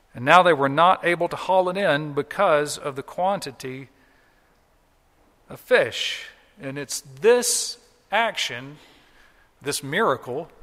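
A man's voice: a little high, bright, forceful tone, in a large hall. A man preaching a sermon as pastor, explaining scripture in a conversational way and acting out quoted lines.

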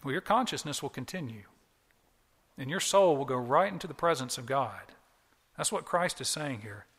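A man delivers an earnest, emphatic sermon from the pulpit. His voice is bright and forceful, and it carries a long church hall reverb. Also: medium pitch, expressive, normal speed, husky. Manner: earnest, emphatic preaching with repetitions. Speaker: pastor.

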